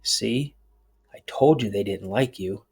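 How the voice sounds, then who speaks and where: A man voicing his young brother as a boy who gives an eerie, dead-serious warning in a hushed, slow voice. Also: on the low side, creaky, husky, full character voice. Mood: ominous.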